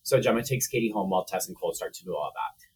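A man's voice: low-pitched, animated, fast, darkish tone, a little hiss or hum. A man co-hosting a podcast, retelling a film plot in a chatty, profane way with lots of "like". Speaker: podcast co-host. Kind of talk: casual movie recap.

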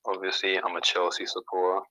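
A man's voice: sits low, completely flat delivery, fairly quick, pushed and bright, rough recording. A young man, a podcast guest chatting casually and rambling with lots of fillers. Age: young adult. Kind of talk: casual chat.

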